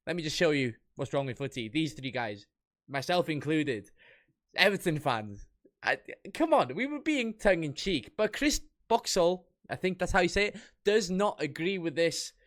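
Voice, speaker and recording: A man's voice: on the high side, big pitch swings, normal speed, a bit bright. A young man giving casual reaction commentary, reading comments aloud and picking them apart with wry amusement.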